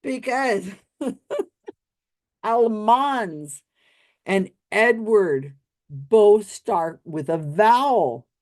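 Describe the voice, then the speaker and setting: A woman's voice: medium pitch, expressive, extremely slow, darkish tone. A woman hosting skeptical commentary on a psychic reading, sarcastic and mocking, often laughing. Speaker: host reviewing a psychic reading.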